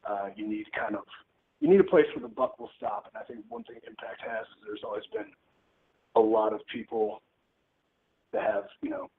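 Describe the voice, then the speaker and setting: A man's voice: on the low side, sing-song, normal speed. A man, a pro wrestler, answering reporters' questions on a conference call in a candid, wry way, joking about himself over a telephone line. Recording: tinny phone line with faint noise.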